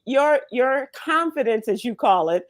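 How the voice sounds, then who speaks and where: A woman's voice: fairly high pitch, lively intonation, a little slow, no echo. A woman hosting a radio show on location, chatting casually with a co-host, laughing often and full of fillers. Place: event venue.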